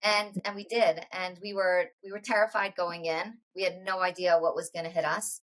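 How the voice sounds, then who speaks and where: A woman in her forties, a podcast guest, telling a personal story in a halting way, full of restarts and quoted dialogue. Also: on the low side, little pitch movement, a bit bright, rough recording. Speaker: interview guest.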